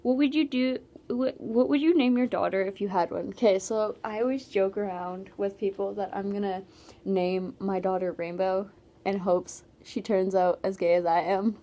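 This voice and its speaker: A woman's voice: mid-range voice, fairly even intonation, moderate pace, dark tone. A teenage girl from Canada, chatting casually in a Q&A vlog with many "like"s and trailing asides. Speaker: vlogger.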